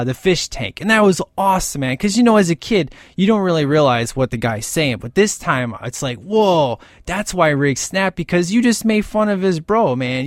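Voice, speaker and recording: A man talking casually and with excitement through a movie's scenes, gushing as he goes and often tagging "man" onto his lines. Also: fairly high pitch, dry recording, clean studio sound. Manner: gushing and animated, keeps saying "man". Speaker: film commentator.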